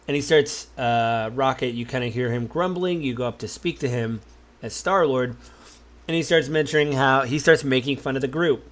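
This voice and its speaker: A married man hosting a podcast, talking in a relaxed, musing way, with many fillers and restarts. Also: medium pitch, moderate pace. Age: adult, married. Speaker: podcast host. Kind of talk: casual solo podcast talk.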